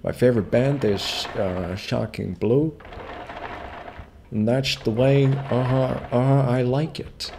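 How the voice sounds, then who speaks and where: A man's voice: mid-range voice, takes it slowly, creaky, background noise, voice pushed up. A man putting on a hammy mock-as a cheerful music fan. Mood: goofy.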